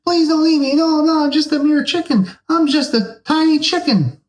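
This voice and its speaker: A timid young eagle that thinks it is only a chicken, begging in a shrill, squeaky voice, as a man puts it on. The pitch jumps far above his own. It is a comic storytelling bit from a podcast. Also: normal speed. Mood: pleading. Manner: high, pleading squeak.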